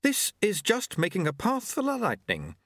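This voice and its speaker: A man voicing Jeremy, a high-strung young male clockmaker who talks in a shrill, excitable, nervously precise way. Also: moderate pace, no echo, clean studio sound. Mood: eager.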